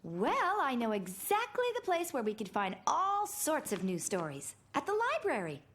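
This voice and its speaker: A voice actress playing a young mother, patient and gently firm with her child. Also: high voice, huge pitch swings, normal speed, exaggerated voice. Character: warm, calm young mother. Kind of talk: cartoon voice acting.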